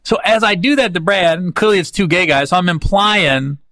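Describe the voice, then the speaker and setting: A man's voice: high voice, a little fast, dry recording. A man hosting a podcast, telling comic stories in a casual, slangy, rambling way. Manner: animated, slangy, rambling with restarts. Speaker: podcast host and comedian.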